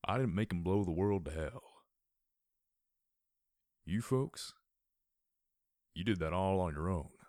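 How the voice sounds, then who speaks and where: A man voicing a rasping old male pony, a death-like phantom who speaks slowly, quietly and wearily with a leathery voice. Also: low-pitched, expressive, dry recording, clean studio sound. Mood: weary, ominous. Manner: slow, quiet, weary.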